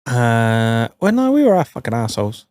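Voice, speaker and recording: A man's voice: medium pitch, very animated, moderate pace, darkish tone. A man co-hosting a podcast, chatting casually with short, laid-back replies and some swearing. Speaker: podcast co-host. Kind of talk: casual chat.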